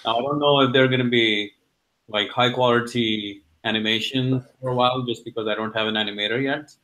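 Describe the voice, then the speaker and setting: A man's voice: medium pitch, fairly even intonation, fairly quick, sharp tone, rough recording. A man chatting as a podcast guest, earnest and hesitant, with many uhs. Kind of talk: casual chat.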